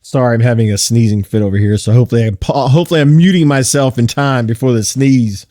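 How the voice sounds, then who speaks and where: A man co-hosting a casual podcast. He speaks in a matter-of-fact, low-key way. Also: quick pace, dark tone, dry recording, clean studio sound. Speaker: podcast co-host. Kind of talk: casual podcast chat over a call.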